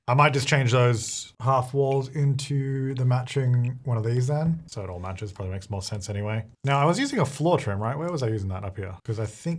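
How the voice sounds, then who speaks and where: A young man chats through his game build in a loose, thinking-aloud way. He catches and corrects his own words as he goes. His voice sits at an ordinary middle pitch. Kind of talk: casual play-along commentary.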